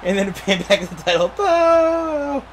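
A man's voice: sits high, level tone, very fast, over a noisy crowd. A young man giving casual, laughing play-by-play commentary on a wrestling video game.

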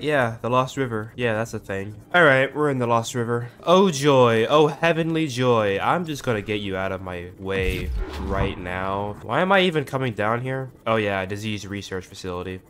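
A man talking through his gameplay in a loose, joking way, poking fun at himself as he goes. His pitch sits at an ordinary middle level for a man, and a faint hiss of noise runs under the voice. He startles easily and makes light of it. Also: a bit bright. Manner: jokey, self-mocking, easily startled. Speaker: gaming video creator. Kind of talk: gameplay commentary.

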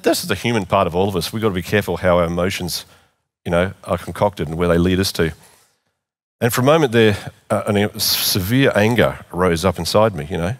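A middle-aged man preaching in church, earnest and repeating phrases for emphasis. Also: sits low. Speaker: pastor. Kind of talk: sermon.

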